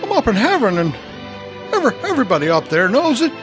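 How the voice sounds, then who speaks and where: A man impersonating the ghost of an old-time male film star, folksy and halting, stammering and repeating himself. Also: sits high, wildly swooping pitch, music in the background, pitched above the performer's own voice. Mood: pleading. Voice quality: halting, drawling stammer with "I tell you". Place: podcast studio.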